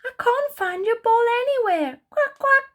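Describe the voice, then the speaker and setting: Woman putting on a quacking duck, high squeaky voice, friendly, storybook read-aloud. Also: expressive, a little slow, bright, forceful tone, full character voice. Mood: apologetic. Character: friendly splashing male duck.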